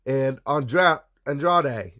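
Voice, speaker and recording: Slow, with medium pitch and a pushed, bright sound, this wrestling recap host keeps things casual, giving his blunt takes straight to the viewers.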